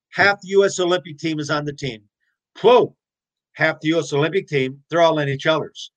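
A man in his sixties telling his stories as an interview guest, animated, blunt and profane. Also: high voice. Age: 60s. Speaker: interview guest, former hockey player. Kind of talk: casual storytelling.

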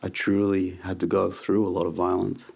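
Casting: man, frank and easygoing, lowish gravelly voice, chatty yoga teacher as interview guest. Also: monotone, normal speed, a little mellow. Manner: frank, laid-back storyteller. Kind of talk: casual interview chat.

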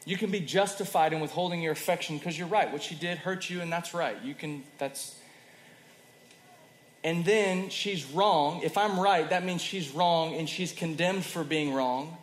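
A man preaching a sermon in a conversational way, moving between loud emphasis and soft, quiet passages. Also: on the high side, moderate pace. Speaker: pastor. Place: church hall. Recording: roomy hall with faint ambience.

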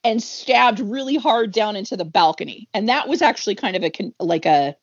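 A woman's voice: medium pitch, lively intonation, fairly quick, husky, no echo, dull audio. A woman co-hosting a casual movie-review chat, crude and joking. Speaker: podcast co-host. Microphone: video call.

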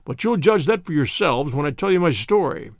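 A man's voice: a little high, lively intonation, fairly quick, no room sound, studio quality. A man reading an older American fugitive who speaks with a blunt, folksy, earnest manner and an American accent. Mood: frank.

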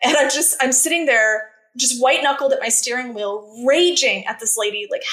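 As a podcast guest, an earnest woman with a somewhat high, slightly bright voice shares her personal story candidly and emphatically. She speaks at a moderate pace with few pauses, and her pitch rises as she relives her anger. The recording has a noticeable roomy echo.

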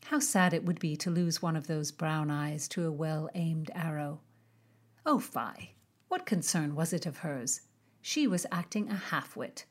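A woman narrates an audiobook in a measured, expressive way. Her voice sits on the low side for a woman. The telling is steady and clear. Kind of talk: scripted narration of a historical romance.

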